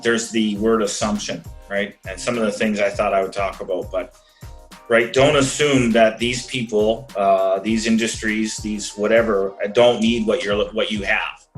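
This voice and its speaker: A man's voice: fairly low pitch, low-quality recording. Earnest Canadian man on a video call. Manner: earnest, rambling, many restarts. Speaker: financial planner guest. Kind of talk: casual interview over video call.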